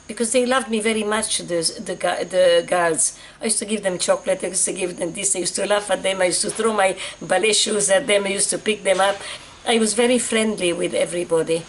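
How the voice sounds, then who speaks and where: A woman's voice: medium pitch, fairly even intonation, brisk, a little hiss or hum. A woman in her eighties from Egypt telling her personal story in an emotional, repetitive way. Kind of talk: personal testimony.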